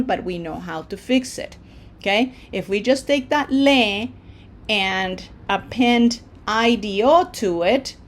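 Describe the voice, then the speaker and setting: Casting: female language teacher, unhurried delivery, patient, keeps checking in with the class. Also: medium pitch. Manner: patient, explains step by step, frequent "okay?" check-ins. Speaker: Spanish teacher. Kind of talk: online language lesson.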